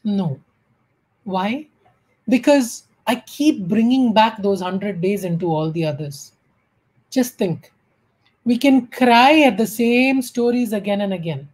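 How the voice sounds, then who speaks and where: A woman with an Indian English accent tells a light, funny story to an online spiritual gathering. Her voice is husky and slightly breathy, at a middle pitch. She talks in a chatty, amused way. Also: lively intonation, slow pace, low-quality recording. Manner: warm, humorous storytelling with acted quotes. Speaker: speaker at an online spiritual talk. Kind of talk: storytelling talk.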